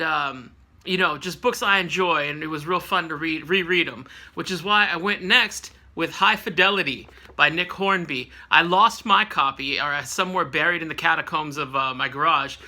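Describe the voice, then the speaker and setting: A sharp, fairly high-pitched male voice belongs to a California book reviewer in his late thirties. Chatting casually on his vlog, he meanders with lots of fillers and self-corrections.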